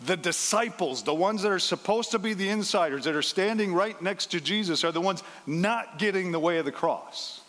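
A man with a somewhat high voice delivers a Sunday sermon in an easy, conversational way. He slips into small acted voices for the people in the passage. His voice rings out with a long reverb, as in a large sanctuary. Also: moderate pace, few pauses, fairly bright tone. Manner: conversational, acts out the quoted lines. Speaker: pastor.

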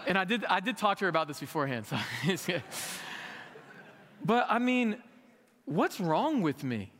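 A man preaching a sermon with a high, bright, ringing voice. He talks candidly and conversationally, then lifts into emphatic peaks. The sound carries a long reverb from a large hall. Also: sing-song, moderate pace. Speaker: pastor.

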